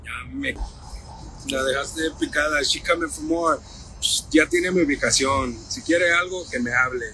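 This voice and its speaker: A man delivering a profane, insulting livestream rant in fast bursts. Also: a little high, sharp tone, slight background noise.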